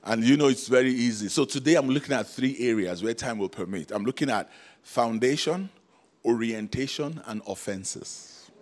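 A man delivers a lively sermon, throwing rhetorical questions at the congregation and prompting responses. He laughs often between his points. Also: medium pitch, normal speed. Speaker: preacher.

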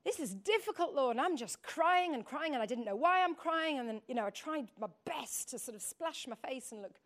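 A woman's voice: sits high, expressive, fairly quick, fairly bright tone. A middle-aged woman preaching a sermon, telling a personal story in a rambling, emotional way and calling on the congregation to repeat words.

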